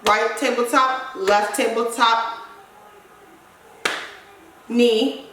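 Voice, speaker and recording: A woman dance instructor teaching stepping, counting the moves aloud in a brisk, rhythmic way. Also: on the high side, steady tone, distant mic, a little hiss or hum. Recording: echoey room, voice off-mic, loud stomping and claps.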